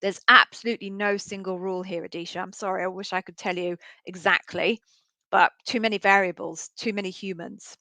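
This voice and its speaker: A woman's voice: mid-range voice, fairly even intonation, fairly quick, pushed and bright, dry recording. Frank woman giving interview advice. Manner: frank, explanatory, conversational. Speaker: interview coach. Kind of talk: live Q&A coaching.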